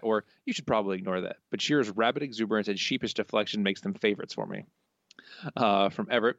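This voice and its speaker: A man's voice: lowish voice, expressive, fast, fairly bright tone, dry recording, dull audio. A man co-hosting a podcast, casually reading listener quotes aloud and laughing often. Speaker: podcast co-host.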